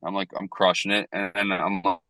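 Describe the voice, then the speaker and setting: A man's voice: low-pitched, level tone, brisk, bright, forceful tone, no room sound, rough recording. A man co-hosting a casual podcast, telling stories in a loose, profane way. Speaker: podcast co-host.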